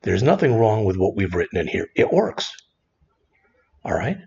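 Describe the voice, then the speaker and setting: A man walks through a coding lesson in a relaxed, conversational way, often pausing on "all right". His voice sits low and is very husky and gravelly. It comes through a dull, lo-fi screen recording. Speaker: programming instructor.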